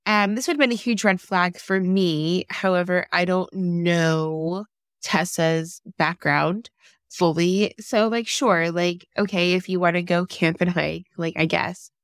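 Woman, podcast co-host, casual chat, dry blunt humor, lowish voice, dry close sound. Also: measured pace, dry recording. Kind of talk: casual chat recapping a film.

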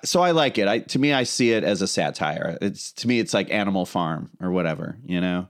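A relaxed man co-hosting a podcast, his voice sitting somewhat low. He muses thoughtfully in casual chat and often hedges as he works through an idea. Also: brisk. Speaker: podcast co-host.

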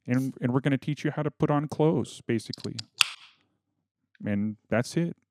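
A man's voice: medium pitch, normal speed, background noise. A man hosting a casual comedy chat, rambling in a crude, mock-preachy way. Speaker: podcast host.

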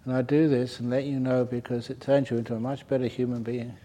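A man's voice: mid-range voice, little pitch movement, fast, mellow. An older man, a Buddhist monk, giving a humorous dharma talk, teasing and laughing at his own stories at a retreat. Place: retreat centre hall.

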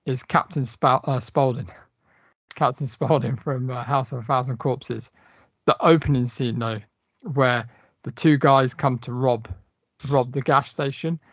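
A gravelly man in casual podcast chat, loose and profane as he walks through a movie scene. The sound is dry and close, a little dull in the top end. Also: mid-range voice, unhurried, dry recording. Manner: animated, swearing, retelling film scenes with quoted lines. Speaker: podcast co-host.

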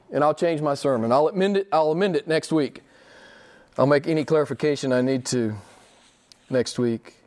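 A middle-aged pastor preaching a sermon, emphatic and questioning his congregation, jumping high in pitch when he quotes people. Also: a little mellow. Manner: emphatic, rising high when quoting others.

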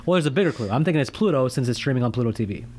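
Co-hosting a casual podcast about movies, a man speaks at a racing clip in a medium-pitched voice. His delivery is animated and jokey, and his rants rise in emphasis.

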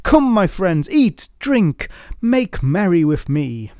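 A man voicing a boastful, lecherous, drunken knight, all loud blustering bravado. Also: sits high, big pitch swings, slow, dry recording, clean studio sound, pitched above the performer's own voice, exaggerated voice. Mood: boisterous.

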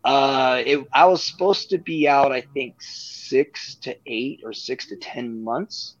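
A man's voice: medium pitch, fairly even intonation, takes it slowly. A man and guest wrestler telling stories in a casual, rambling way, swearing freely and laughing at his own tales. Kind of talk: casual storytelling in conversation. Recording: dull lo-fi sound.

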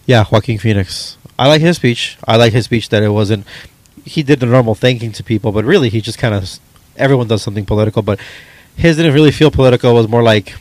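A man's voice: mid-range voice, fast, a little mellow, no echo. A man co-hosting a casual chat, hesitant, with many ums and restarts. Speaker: podcast co-host. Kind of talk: casual chat about movies.

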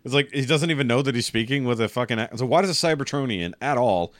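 A man's voice: medium pitch, fast, no echo. A man hosting a podcast, talking casually in a blunt, rambling way with frequent swearing. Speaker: podcast host. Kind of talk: casual chat.

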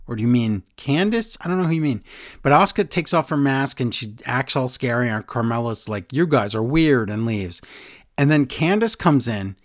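A man's voice: medium pitch, a bit bright, dry recording, clean studio sound. A man in casual chat, animatedly retelling events and quoting people in funny voices. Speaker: podcast co-host recapping wrestling.

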